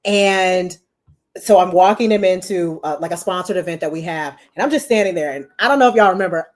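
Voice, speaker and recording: Chatty woman with a lower voice. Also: brisk. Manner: chatty, animated, many "you know" fillers. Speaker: podcast guest, marketing executive. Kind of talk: casual storytelling interview.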